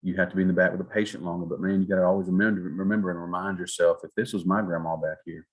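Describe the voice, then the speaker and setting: A man from South Georgia, lecturing an EMT class in a folksy, animated way. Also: deep voice, racing. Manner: folksy, animated, acts out patient exchanges. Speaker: EMS instructor.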